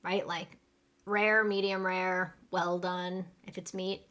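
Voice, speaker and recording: A woman with an American accent teaching English phrases in a live online lesson, saying each phrase slowly and then fast for students to repeat. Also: lowish voice, little pitch movement, fairly bright tone.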